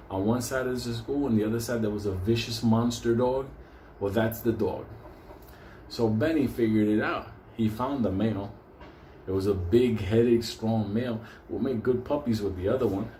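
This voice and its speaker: A storyteller host with a mellow, mid-range voice recounts a tale casually, swearing constantly and laughing as he goes. The room is echoey, with faint ambient noise.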